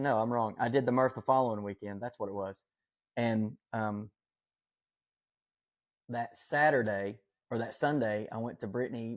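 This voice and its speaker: Earnest man telling a story. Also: fairly low pitch. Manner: earnest, rambling with many fillers and self-corrections. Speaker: podcast guest. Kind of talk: casual storytelling.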